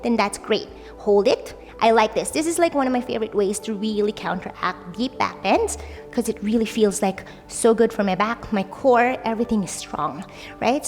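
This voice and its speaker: A young woman leads a yoga class in a casual, upbeat way, tossing in "like" and "right?" as she cues each pose. Her voice sits a little high. A long reverb trails behind her, with faint music underneath. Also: darkish tone. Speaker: yoga instructor. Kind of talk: guided yoga class instruction.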